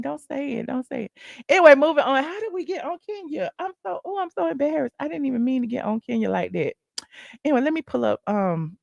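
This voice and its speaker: A woman hosts a casual gossip livestream, talking in a chatty, exclamatory way with frequent sudden asides. Her voice sits at a middle pitch. The sound is dry and close, with no room around it. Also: no echo. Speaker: gossip channel host.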